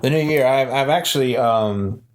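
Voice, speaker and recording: A man's voice: mid-range voice, moderate pace, a little hiss or hum. A man co-hosting a podcast in casual chat, joking and boastful, often trailing off and restarting. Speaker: podcast co-host.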